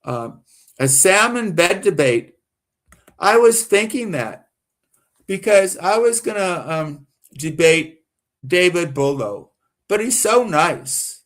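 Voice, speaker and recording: A man's voice: sits high, very animated, slow pace, a bit bright. A man from the American South doing rambling live-stream commentary, repeating himself and getting worked up and indignant.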